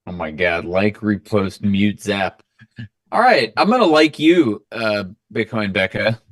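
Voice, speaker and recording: Low-voiced man explaining in a dry recording. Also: big pitch swings, no room sound. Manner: thoughtful, measured explanations. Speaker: guest. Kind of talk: casual chat.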